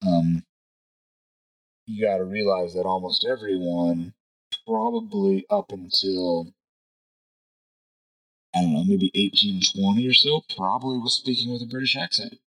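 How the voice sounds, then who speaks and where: Deep-voiced man musing aloud. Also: lively intonation, measured pace, vocal fry, pauses often, a bit bright, poor audio. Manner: rambling, thinks aloud with frequent "you know" and "right?". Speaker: podcast host. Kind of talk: casual opinion monologue.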